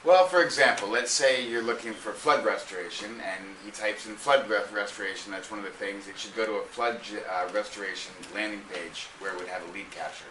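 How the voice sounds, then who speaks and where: A man's voice: fairly low pitch, a little fast, hardly any pauses, pushed and bright, slight background noise. A man attending a seminar who answers the presenter by plainly explaining an example. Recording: far from the mic in an echoey room.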